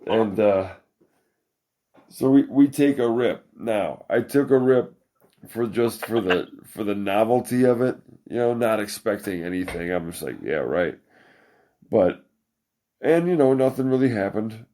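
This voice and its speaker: A man with a fairly low voice, hosting a podcast. He tells a long, crude story in loose casual chat, swearing freely, backtracking and laughing along the way. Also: unhurried, mellow. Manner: profane, rambling, laughs often. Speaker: podcast host.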